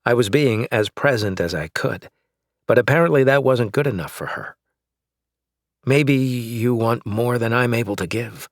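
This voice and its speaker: A man narrating a novel in the first person, measured and wry. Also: medium pitch, dry recording, studio quality. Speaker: audiobook narrator.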